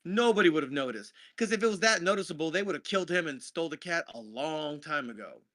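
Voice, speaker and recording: A man's voice: on the high side, animated, quick pace, a bit bright. A man co-hosting a casual movie review podcast, talking in a rambling, jokey way. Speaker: podcast co-host.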